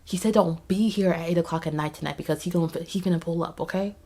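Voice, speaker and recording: A woman voicing a flock of scheming birds who hush each other in urgent, bossy whispers. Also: lowish voice, steady tone, quick pace, voice pushed down.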